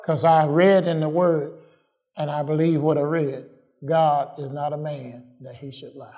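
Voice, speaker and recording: The preacher's voice is fairly high and warm, with fairly even intonation, as he moves through his sermon slowly and deliberately. He leans on repetition for emphasis and repeatedly asks his listeners if he's correct.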